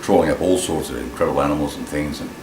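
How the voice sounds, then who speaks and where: A man telling a personal story in an animated way, acting out the voices in it. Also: extremely low pitch, rapid-fire. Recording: echoey room with clear ambient noise.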